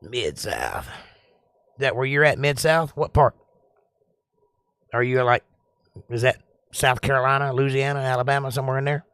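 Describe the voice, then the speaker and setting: A man's voice: medium pitch, level tone, moderate pace, pauses often, a bit bright, smooth, no room sound. Southern man chatting on a livestream. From Georgia, US. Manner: rambling, joking, drawling. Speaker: livestream host. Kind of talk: casual live-stream chat reading comments.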